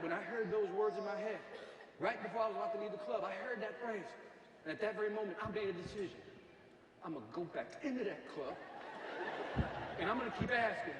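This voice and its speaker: A man giving a comic motivational speech to a live audience, animated, shouting his punchlines and mimicking people. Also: high-pitched, far from the mic, background noise. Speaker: motivational speaker. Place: large hall with live audience. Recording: echoey hall, from afar, crowd.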